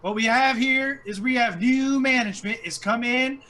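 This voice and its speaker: A man doing a brash, shouting goblin herald. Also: extremely high pitch, normal speed, pitched above the performer's own voice. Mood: boastful. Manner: brash, drawling, bossy. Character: male character boasting loudly in goblin tongue.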